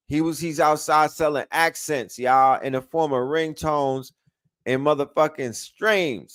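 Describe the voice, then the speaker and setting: A man giving an excitable live reaction to a new rap track, repeating lyrics and bursting out in slangy commentary. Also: a little high, moderate pace, smooth. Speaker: music reaction streamer.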